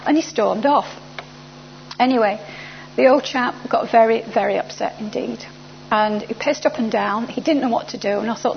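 A woman's voice: fairly high pitch, a little fast, gravelly. A woman telling a personal story from her travels and acting out the other people's lines. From England. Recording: dull lo-fi recording with faint hum.

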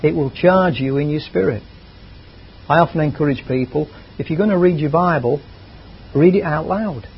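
A man's voice: a little high, normal speed, slight background noise. A man preaching a sermon in a chatty, conversational way, drifting into asides. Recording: dull lo-fi recording.

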